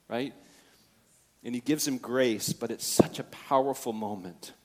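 Male pastor, mid-pitch, preaching with big swings between hushed and booming. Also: slow, pauses often. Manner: dynamic, swinging from hushed to loud, acting out quotes. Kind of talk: sermon.

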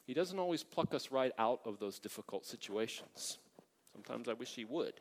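A middle-aged man delivers a sermon from the pulpit, swinging between loud emphatic calls and quieter reflective stretches. He often checks in with "right?" and asks for an amen. His mid-pitched voice carries a long reverb from the large sanctuary. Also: animated, moderate pace. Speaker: pastor.

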